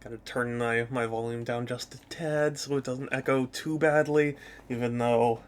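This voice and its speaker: A man's voice: mid-range voice, fairly even intonation, moderate pace. A man streaming a video game, chatting casually and playfully with his viewers and laughing often. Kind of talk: casual live-stream chat.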